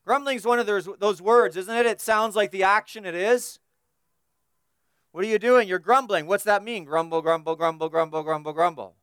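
A man's voice: high-pitched, a bit bright, clean tone, no room sound. Male preacher with a resonant voice, dry close sound, builds emphatic repeated lists. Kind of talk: expository sermon.

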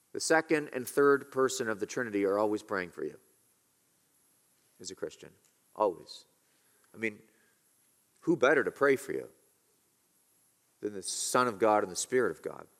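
A man preaching a sermon, earnest, slowing down to stress key words and rising on questions. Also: fairly low pitch, expressive. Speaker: pastor.

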